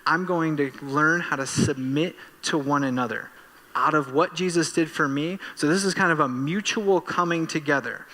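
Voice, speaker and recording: A man preaching a church sermon as pastor, animated and self-deprecating, bursting into excitement while telling stories. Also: fairly high pitch, normal speed, in a large hall. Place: church sanctuary.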